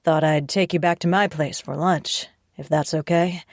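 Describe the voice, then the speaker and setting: Woman narrator doing a deep-voiced flirty soldier man, cajoling and teasing, dry close audiobook read. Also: steady tone, normal speed, a little mellow, dry recording. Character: flirty scarred male ex-soldier, smooth talker.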